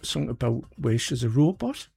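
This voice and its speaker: A man's voice: medium pitch, sing-song, brisk, creaky, a little mellow, slightly rough, soft background music. A man co-hosting a radio show, chatting casually and rambling with lots of fillers. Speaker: radio co-host. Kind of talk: casual chat.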